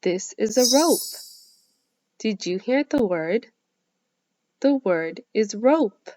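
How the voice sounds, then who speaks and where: A woman teaching phonics to young children, speaking slowly and clearly, with lots of encouraging praise and drawn-out vowel sounds. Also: mid-range voice, animated, background noise. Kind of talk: slow, clearly enunciated lesson for young children.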